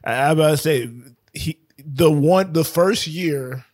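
A man's voice: a little high, unhurried, darkish tone, no room sound, studio quality. A man co-hosting a sports podcast in casual chat, joking, laughing often and restarting his sentences. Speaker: podcast co-host. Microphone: podcast microphone.

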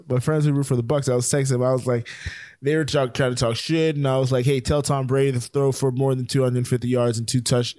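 A man co-hosting a casual sports chat, rambling and excitable, with plenty of fillers and restarts. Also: mid-range voice, dry recording. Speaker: podcast co-host.

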